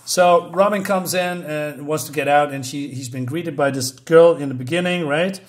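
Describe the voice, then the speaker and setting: A man's voice: fairly high pitch, moderate pace. A man casually recapping a comic book, rambling and chuckling, with plenty of "so, um, right?".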